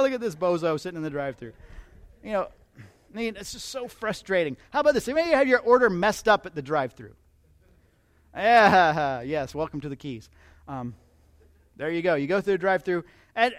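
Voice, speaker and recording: A male pastor with a fairly high voice gives a relaxed, chatty sermon. He talks with humor and keeps turning to his listeners with questions. The sound is dry and close. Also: no room sound. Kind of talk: conversational sermon.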